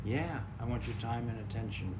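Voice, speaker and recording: A man co-hosting a podcast, talking calmly and gently in a casual conversation about honest communication. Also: medium pitch, fairly quick, heavy background noise. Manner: gentle, calm and mild even when voicing anger. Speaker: podcast co-host.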